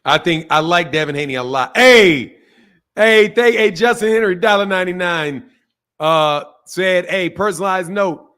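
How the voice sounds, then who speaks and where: A man's voice: sits high, moderate pace, sharp tone, clear, resonant tone. A man hosting a live boxing call-in stream, talking casually in a loose, joking, slangy way and laughing often. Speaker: boxing show host.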